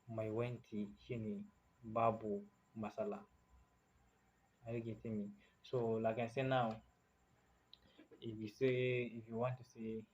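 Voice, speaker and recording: A Nigerian man teaching phrases as a casual language lesson, repeating each phrase slowly and switching between languages. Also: mid-range voice, darkish tone, lo-fi sound, slight background noise.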